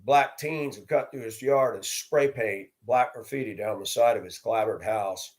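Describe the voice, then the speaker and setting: A man's voice: lowish voice, moderate pace, darkish tone. Blunt, plainspoken middle-aged man. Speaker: storyteller host. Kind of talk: personal storytelling monologue.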